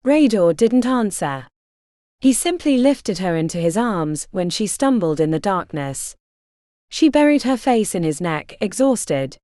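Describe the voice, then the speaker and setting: A woman reads a historical romance audiobook with expressive, dramatic delivery. Her pitch rises and falls widely, her tone is mellow and soft-edged, and the recording is dry and close. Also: measured pace, dry recording. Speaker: audiobook narrator. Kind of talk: scripted romance audiobook narration.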